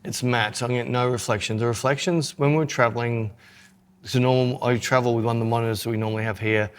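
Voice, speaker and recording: A man's voice: medium pitch, steady tone, fast, clear, resonant tone. Chatty man talking cameras. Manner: chatty, joking, self-mocking. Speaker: podcast co-host, photographer. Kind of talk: casual chat.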